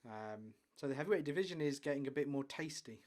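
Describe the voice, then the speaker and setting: Brief: male podcast co-host, mid-pitch, casual and enthusiastic sports chat. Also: expressive, fast talker. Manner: chatty, enthusiastic, trails off quietly.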